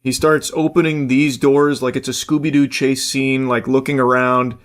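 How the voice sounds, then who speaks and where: A man's voice: medium pitch, little pitch movement, normal speed. A man hosting a casual reaction commentary, rambling along with jokey asides and casual swearing. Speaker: host.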